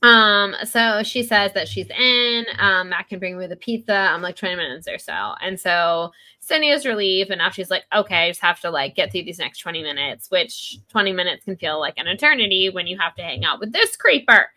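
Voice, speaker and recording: Her voice sits on the low side, expressive and brisk, with hardly any pauses and a pushed, bright quality. As a podcast co-host, this woman chats about a book in a relaxed way, leaning heavily on "like" and acting out scenes with quoted lines.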